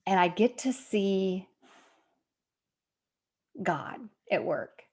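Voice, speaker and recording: A woman's voice: medium pitch, expressive, very slow, pauses often, a little mellow. A woman, grandmother of young boys, in her fifties, speaking candidly in a casual devotional vlog from a room under remodel. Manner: reflective, candid, laughs at herself. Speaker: faith vlogger.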